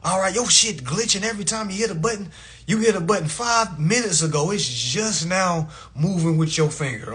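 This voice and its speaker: High, bright-voiced man ranting bluntly. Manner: blunt, profane, mocking. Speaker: livestream host. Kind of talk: casual livestream rant.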